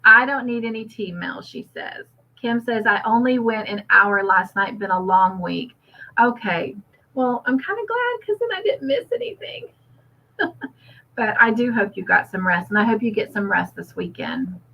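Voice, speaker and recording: A woman's voice: medium pitch, steady tone, moderate pace, creaky. A woman hosting a casual livestream, reading out viewer comments and chatting back with frequent laughs. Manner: chatty, warm toward viewers, laughs often. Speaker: host. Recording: slightly dull lo-fi audio.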